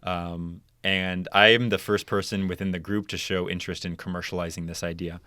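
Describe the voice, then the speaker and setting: A man's voice: deep voice, flat delivery, brisk, bright, forceful tone, dry recording, studio quality. A young man, a chemical engineer, explaining his research in a casual interview, with many ums and likes. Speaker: podcast guest, chemical engineer.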